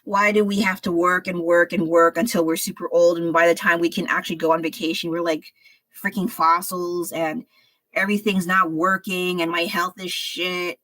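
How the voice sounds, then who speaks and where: Woman streamer, lowish voice, dry close sound, loose rambling chat while painting, a bit unwell. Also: flat delivery, normal speed, fairly bright tone, no echo, low-quality recording. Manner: rambling, sighing and laughing. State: under the weather. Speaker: art livestreamer.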